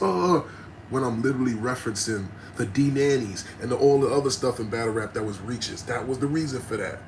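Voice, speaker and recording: Guy ranting on his livestream, middle-aged, loud and blunt, cusses a lot. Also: medium pitch, expressive, a little fast, slight background noise, rough recording. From New Jersey. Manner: passionate and aggressive, blunt and profane. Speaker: livestream host talking to viewers. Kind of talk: unscripted livestream rant.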